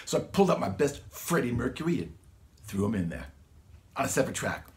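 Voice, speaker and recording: Gravelly laid-back man explaining his song. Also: medium pitch, very animated, a little fast. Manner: laid-back and rambling, with slang like "man" and "dude". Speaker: songwriter and guitarist explaining his recording. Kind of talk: casual home-studio walkthrough.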